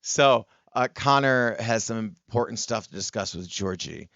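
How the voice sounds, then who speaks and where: A man co-hosting a casual review podcast, talking in an animated way. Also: moderate pace, vocal fry, no room sound, muffled recording. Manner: animated, jumps into high squealing impressions. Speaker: podcast co-host.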